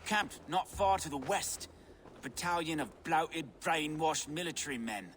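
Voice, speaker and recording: A smooth, mocking swindler who charms and threatens in the same breath. His voice sits on the higher side and swoops up and down with theatrical flair. It is a video game voice. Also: expressive, normal speed, fairly bright tone, slight background noise. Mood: sly mocking. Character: sly charming male swindler, middle-aged.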